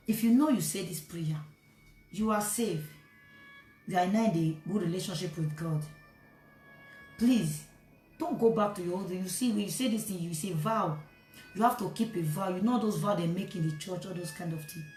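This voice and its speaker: A woman preaches in an earnest, exhorting way, repeating her points and urging her listeners on. Her voice sits at a middling pitch and rings in an echoey room, with faint music underneath. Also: mellow. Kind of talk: sermon with salvation prayer.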